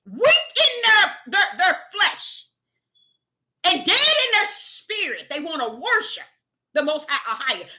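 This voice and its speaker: A woman's voice: very high voice, sharp tone. A woman preaching a spontaneous sermon, fervent and exhorting. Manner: fervent, exhorting, retells visions in dialogue.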